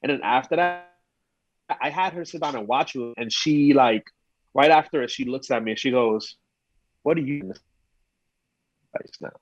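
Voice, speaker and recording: Man, podcast guest, animated storyteller, dry close sound, slightly dull audio. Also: mid-range voice, moderate pace, no echo. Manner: animated storytelling, quotes himself and others. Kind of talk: casual chat.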